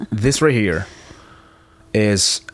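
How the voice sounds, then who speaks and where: A man's voice: lowish voice, expressive, drawn-out words, no room sound. A man working as a behavior analyst, explaining someone's test results in conversation and often affirming with "yeah".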